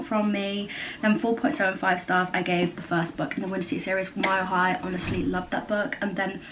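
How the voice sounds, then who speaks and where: Young woman chatting about her reads at home, rambly, lots of likes and ums, faint hiss behind. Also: on the low side. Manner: chatty, rambling, lots of fillers and self-corrections. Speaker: book vlogger. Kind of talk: casual chat. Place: new house, indoors.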